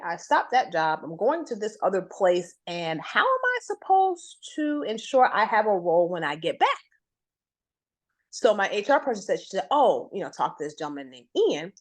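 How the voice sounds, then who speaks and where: In a conversation, a woman guest recounts a lengthy career story with animation. When quoting what others told her, she acts the lines out with large jumps in pitch.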